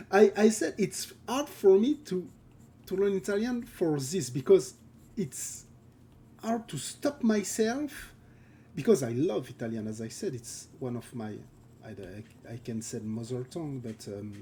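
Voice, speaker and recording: Streamer, male, French native with a French accent, unhurried delivery, soft mellow tone, halting and word-searching, casual live-stream chat. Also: fairly high pitch, expressive, slight background noise. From France. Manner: halting, searches for words, often laughs. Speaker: concept artist streaming live.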